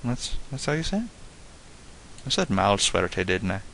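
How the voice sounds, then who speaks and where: A man teaching a casual spoken lesson, explaining in a relaxed, rambling way full of "like" and "you know.". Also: on the low side, measured pace, creaky, a little hiss or hum. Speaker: Spanish tutor.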